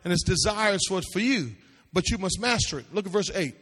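A man preaching a Bible class with animated calls to the audience and sing-song lines that rise into shouts. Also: sits high, a little fast, breathy edge. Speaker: pastor teaching a seminary class. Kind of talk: preaching-style Bible teaching. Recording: long hall reverb.

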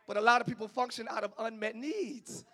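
Male preacher; bright, sharp tone, animated delivery with sudden shouts. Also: extremely high pitch, brisk. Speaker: pastor. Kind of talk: sermon.

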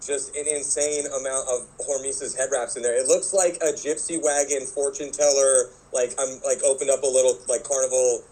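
A man's voice: medium pitch, steady tone, normal speed, hardly any pauses, dark tone, poor audio. A man co-hosting a podcast, chatting in a rambling, laid-back way and swearing casually. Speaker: podcast co-host. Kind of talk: casual chat.

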